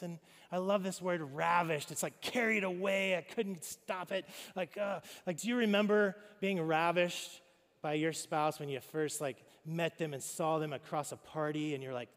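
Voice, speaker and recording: Male pastor, slightly high voice, conversational and animated sermon delivery, reverberant church hall. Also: normal speed. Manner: conversational, animated, addresses congregation directly.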